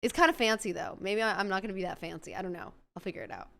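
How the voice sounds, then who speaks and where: A woman's voice: medium pitch, racing, gravelly, fairly bright tone. A woman hosting a stream, chatting casually and rambling as she searches aloud for words. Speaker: streamer host. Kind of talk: casual chat while building a game character.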